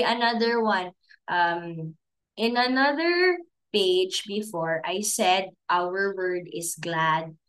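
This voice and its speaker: A woman teaching a recorded preschool class, talking slowly and sounding out letters step by step for small children. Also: mid-range voice, bright, forceful tone. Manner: slow, sounding out letters and giving simple steps.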